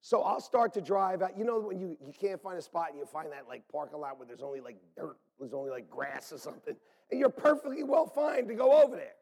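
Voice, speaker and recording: A man preaching a sermon as pastor, animated and swinging from loud calls to hushed near-whispers. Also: high voice, fairly quick, creaky, long reverb tail.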